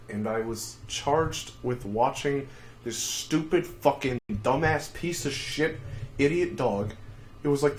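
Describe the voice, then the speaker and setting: A man telling a crude, profanity-filled story on a casual livestream, with shouted outbursts. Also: mid-range voice, slight background noise. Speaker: streamer.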